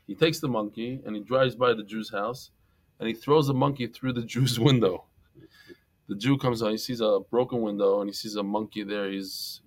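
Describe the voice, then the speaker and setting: A man teaching a Talmud class, lively and joking as he tells stories and mixes in Hebrew and Yiddish terms. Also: lowish voice, fairly quick.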